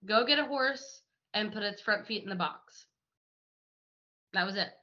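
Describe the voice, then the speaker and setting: Bright, chatty woman telling a story. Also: mid-range voice, measured pace. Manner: animated, chatty storyteller with frequent "like" and laughter. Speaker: riding instructor and horse manager, guest. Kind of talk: storytelling in a video-call interview. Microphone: video call. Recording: slightly dull lo-fi call audio.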